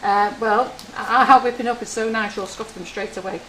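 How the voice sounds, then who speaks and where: A woman's voice: mid-range voice, steady tone, moderate pace, bright, forceful tone, a little hiss or hum. Chatty woman in a roomy kitchen. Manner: chatty, jokey storyteller who teases viewers. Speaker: baker demonstrating on a livestream. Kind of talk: chatty live baking demonstration. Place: home-style kitchen studio.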